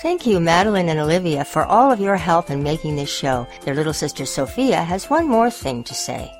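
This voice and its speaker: A woman hosting a community radio show, reading a children's story aloud in a gentle, expressive way. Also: on the low side, brisk, faint music behind. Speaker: radio host reading stories.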